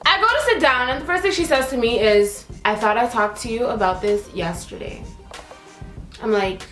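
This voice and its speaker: Slangy young woman telling a storytime. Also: high voice. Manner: animated, slangy, acts out quotes. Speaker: beauty vlogger. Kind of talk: storytime while doing makeup. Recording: roomy echo, faint music.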